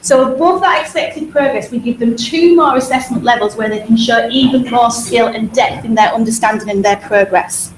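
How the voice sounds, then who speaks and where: A woman with a Hull accent, a music teacher talking quickly and energetically to parents at a school information evening. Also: a little high, a little hiss or hum. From Hull, England. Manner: fast-talking, energetic, repeats words for emphasis. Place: school hall. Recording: echoey hall.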